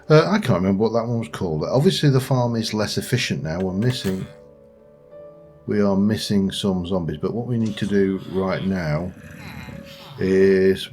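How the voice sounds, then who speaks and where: A man's voice: low-pitched, a little mellow. A man giving casual, meandering let's play commentary and talking to the creatures in his game as he plays. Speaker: gaming channel host. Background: faint background music.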